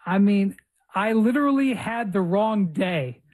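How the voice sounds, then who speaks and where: Husky animated male podcast host. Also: high voice, measured pace. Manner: animated anecdote telling, acting out dialogue. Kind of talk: casual podcast chat.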